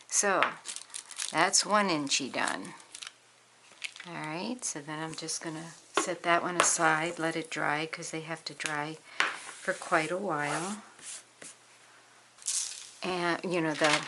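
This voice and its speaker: A woman talking through a crafting tutorial in a relaxed, chatty way, thinking aloud as she works. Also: deep voice, slow pace, pauses often, heavy background noise. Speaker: crafter demonstrating a project.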